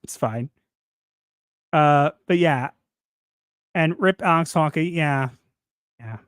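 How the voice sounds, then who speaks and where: A man co-hosting a podcast in casual chat, animated and playful, sometimes ranting. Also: fairly high pitch, takes it slowly, clear, resonant tone, no echo, clean studio sound. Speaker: podcast co-host.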